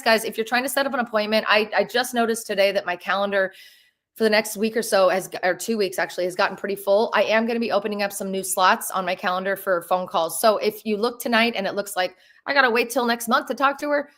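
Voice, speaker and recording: A woman's voice: mid-range voice, quick pace, a bit bright. A woman in her thirties hosting a live Q&A stream from home, chatty and bubbly, with lots of fillers and restarts. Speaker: real estate agent and host. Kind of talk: live stream Q&A, casual chat.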